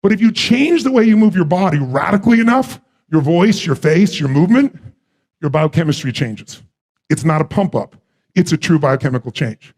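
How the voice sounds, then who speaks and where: A man giving a live motivational seminar who fires rhetorical questions at the audience and swings from low intensity to shouted hype. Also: lively intonation, rough recording. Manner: rapid-fire rhetorical questions, commanding the crowd. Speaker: motivational speaker.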